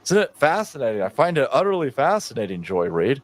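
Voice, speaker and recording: A man's voice: mid-range voice, big pitch swings, a little fast. A man in his fifties doing sarcastic reaction commentary on a stream, mocking, ranting and laughing often. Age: 50s.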